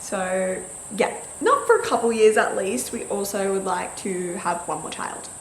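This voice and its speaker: A woman's voice: medium pitch, unhurried, roomy sound, slight background noise, low-quality recording. A young woman, chatting casually to camera and telling a story with many "likes" and acted-out quotes. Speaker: vlogger.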